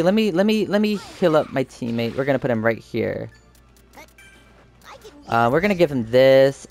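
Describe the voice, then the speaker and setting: A young man hosting a gaming channel, telling a meandering story while he plays and breaking into excited yelps at the game. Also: on the high side. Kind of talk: rambling storytelling over gameplay.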